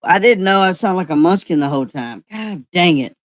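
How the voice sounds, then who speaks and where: A man's voice: high voice, expressive, fairly quick, dry recording. A man hosting a casual live stream chat through a voice changer filter. He rambles, uses lots of fillers and thanks viewers by name.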